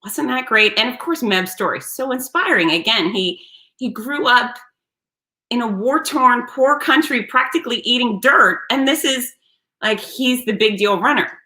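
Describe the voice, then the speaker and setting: A woman hosting her own show, telling a story in a blunt, salty, animated way. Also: on the high side, moderate pace. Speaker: host. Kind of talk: casual storytelling monologue.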